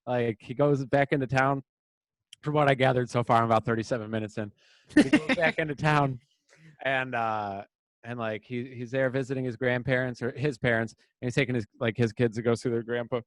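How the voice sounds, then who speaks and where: A man's voice: mid-range voice, no room sound. A young American man telling a rambling, crude story in casual podcast banter, full of fillers. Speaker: podcast co-host.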